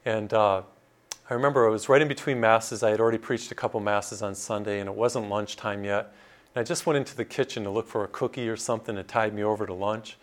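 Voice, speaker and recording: A man's voice: lowish voice, steady tone, quick pace. A middle-aged man from Massachusetts, a priest preaching a sermon in a conversational, storytelling way with casual asides.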